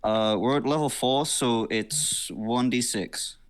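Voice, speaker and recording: Excitable swearing man at a game table. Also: mid-range voice, takes it slowly, clear, resonant tone. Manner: excitable, swears, cheers his dice. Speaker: player. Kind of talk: casual tabletop play.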